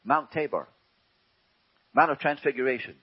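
Husky-voiced preacher with a lively delivery. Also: male voice, mid-range voice. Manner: slow and emphatic, drops to a hush, asks rhetorical questions. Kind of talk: sermon. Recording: dull lo-fi recording.

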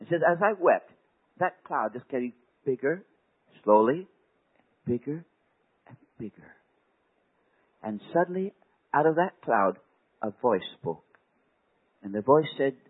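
A man preaching a sermon, telling a story with dramatic swings from hushed words to loud exclamations. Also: a little high, measured pace, long pauses, slightly rough. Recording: tinny phone-like recording.

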